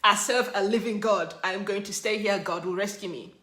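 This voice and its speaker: A woman's voice: medium pitch, a little fast, echoey room, natural voice. A woman voicing a serenely stubborn faithful man. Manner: calm, serene insistence.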